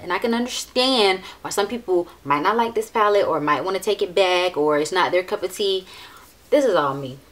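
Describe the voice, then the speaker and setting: A young adult woman beauty vlogger chatting casually through her monthly favorites, emphatic, repeating phrases and swearing freely. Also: lowish voice.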